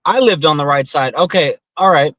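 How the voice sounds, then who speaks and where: A man's voice: on the high side, normal speed, a bit bright, no echo, rough recording. A man in his thirties from the US West Coast, co-hosting a podcast and telling a long, profane story among friends with lots of fillers. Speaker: podcast co-host.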